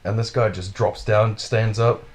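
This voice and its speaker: A man with a slightly low voice tells a wild story in relaxed podcast chat. He swears freely and talks animatedly, chuckling at his own tale. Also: measured pace. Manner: animated, profane, laughs while telling.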